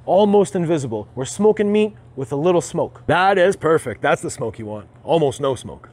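A man's voice: a little high, lively intonation, normal speed, a little mellow. Upbeat man coaching at his smoker. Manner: confident, coaching, speaks straight to viewers. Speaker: barbecue channel host. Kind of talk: hands-on cooking tutorial. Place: outdoors beside an offset smoker.

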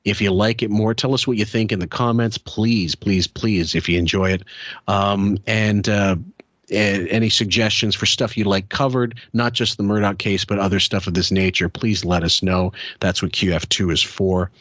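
A man's voice: on the low side, fairly even intonation, moderate pace, a bit bright, dry recording. A man hosting a casual podcast, talking in a rambling, wry way with the odd chuckle into a close mic. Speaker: podcast host.

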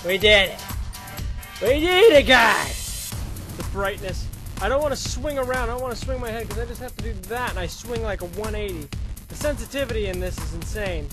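Into a desk microphone, a young man streams live gameplay commentary, excitable, swearing and talking back at the game. He has a high voice and speaks fairly quickly over music.

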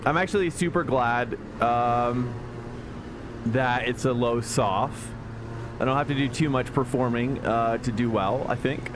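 A man's voice: medium pitch, measured pace, background noise. Chatty man streaming sim racing. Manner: chatty, thinks aloud, talks to chat. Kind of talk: casual live-stream chatter.

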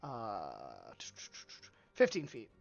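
A man's voice: medium pitch, huge pitch swings, very slow. A man playing a tabletop game, thinking aloud and changing his mind mid-sentence. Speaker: player. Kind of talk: playing a tabletop game over a live stream. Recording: dull lo-fi mic.

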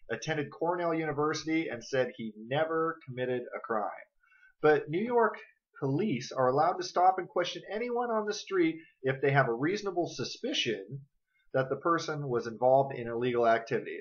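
A man's voice: on the high side, lo-fi sound. A man ranting angrily in a political vlog, cursing and confronting his viewers directly. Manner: angry, profane, confrontational, addresses viewers directly. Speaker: vlogger.

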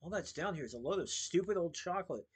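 Man doing a feisty orphan girl in a storybook read-aloud, blunt and flat. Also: a little high, quick pace, husky.

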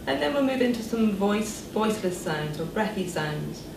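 British female therapist leading breathing exercises, calm and steady, recorded far off in an echoey room. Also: medium pitch, normal speed, gravelly. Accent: British English. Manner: calm, step-by-step instructions. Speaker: speech and language therapist. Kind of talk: guided breathing exercise instruction. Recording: echoey room, voice from a distance, noise behind.

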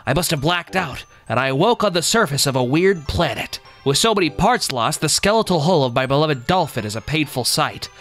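A man's voice: on the high side, expressive, brisk, few pauses, fairly bright tone, faint music behind. A man voicing a stranded, big-nosed male space captain in a nerdy, earnest way, reading the game's log aloud.

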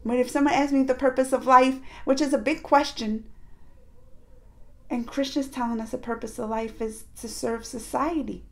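A woman with a high voice talks through a reaction video in a loose, rambling way. She fills her speech with fillers and restarts, and retells what the characters say in her own voice. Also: steady tone, normal speed, gravelly, fairly bright tone. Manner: retells scenes by acting out the characters' lines. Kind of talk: casual reaction commentary.

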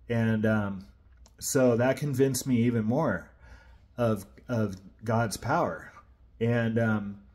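A man's voice: mid-range voice, a little mellow. A man sharing an earnest personal faith testimony, retelling events in a casual, rambling way.

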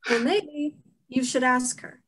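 A woman's voice: sits high, takes it slowly, fairly bright tone, slightly rough, heavily acted, rough recording. A young woman playing a protective, blunt teenage girl on stage, scolding sharply. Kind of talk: stage play acting.

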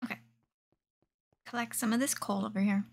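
A woman's voice: mid-range voice, fairly even intonation, normal speed, darkish tone, slightly rough. A young woman streaming a game live, chatting to herself and often dropping into a whisper. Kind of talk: live gameplay commentary.

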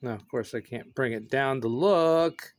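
A man's voice: mid-range voice, measured pace. A man chatting in a goofy, playful way on a casual home video, rambling and laughing often, recorded on a phone on a stand. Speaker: vlogger.

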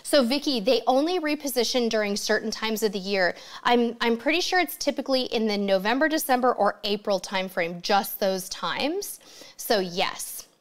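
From home, a woman hosts a casual livestream Q&A, reading out viewer comments and answering them with chatty enthusiasm. Her voice is a little high and expressive, at a normal speed.

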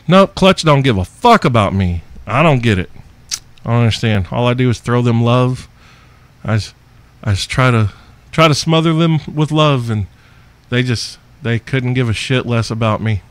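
A man hosting his own podcast, reading listener questions in a brash, profane, boastful way, with loud outbursts and laughs. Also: mid-range voice, no room sound. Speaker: podcast host.

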